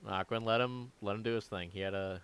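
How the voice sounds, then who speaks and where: A man's voice: lowish voice, steady tone, fast, a bit bright, smooth. A man running a live tabletop game as game master, chatting casually with players and swearing often. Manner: casual, profane, laughing asides to players. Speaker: dungeon master.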